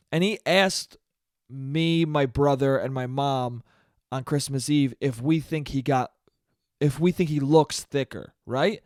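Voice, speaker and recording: A young man with a somewhat high voice talks straight into a close mic in a dry, deadened room. He hosts a solo podcast, rambling through stories in a loose, animated way. Swearing comes often and casually. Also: no echo. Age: young adult. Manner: profane, animated storytelling. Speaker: podcast host.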